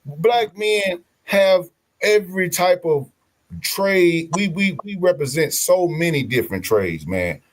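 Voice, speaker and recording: A man telling stories in casual podcast chat, animated, slangy and profane. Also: sits high, slow pace, slight background noise.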